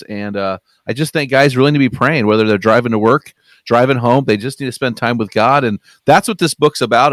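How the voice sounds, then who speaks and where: A man hosting a casual podcast in an upbeat, teasing way, with some halting fillers. His voice is recorded close and dry, with a middle pitch. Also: a bit bright, no room sound. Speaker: podcast host.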